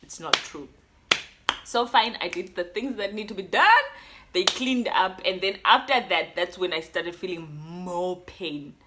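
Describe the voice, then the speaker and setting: A young South African woman with a South African accent, telling a personal story in an animated, code-switching way. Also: fairly low pitch, a little slow, background noise. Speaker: YouTuber. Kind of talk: storytime vlog.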